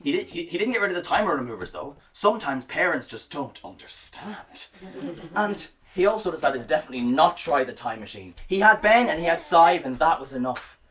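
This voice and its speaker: A woman's voice: low-pitched, very animated, a little fast, recorded from a distance. Sing-song woman telling a children's story. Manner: warm, sing-song, directly addressing children. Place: home or school, live performance.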